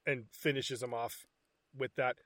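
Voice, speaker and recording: A man's voice: mid-range voice, a little slow, no room sound, clean studio sound. A man in casual chat about a movie, swearing a lot and mocking it. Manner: profane, animated, mocking.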